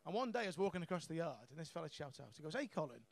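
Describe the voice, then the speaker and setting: This young comedian, high-voiced yet gravelly, races through a stand-up set at great speed, holding a handheld mic before a comedy club audience. Animated, brash and full of swearing, he laughs at his own jokes along the way.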